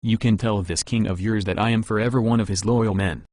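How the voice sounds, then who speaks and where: A man's voice: on the low side, fairly even intonation, fairly quick, darkish tone, no room sound, studio quality, natural voice. A man voicing a talkative, grateful engineer in an audiobook. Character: eager middle-aged male engineer, talkative.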